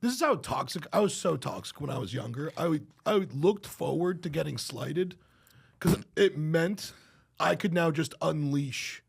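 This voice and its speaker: Gravelly-voiced man telling profane stories. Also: on the high side, moderate pace. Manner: profane, animated storytelling with frequent laughter. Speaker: podcast guest. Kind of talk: casual chat.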